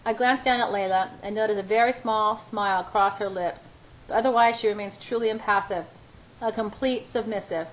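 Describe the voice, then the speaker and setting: A woman's voice: medium pitch, moderate pace, poor audio. Woman reading a novel aloud, stumbling. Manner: frequent stumbles and restarts. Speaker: audiobook reader. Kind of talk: amateur first-person novel reading.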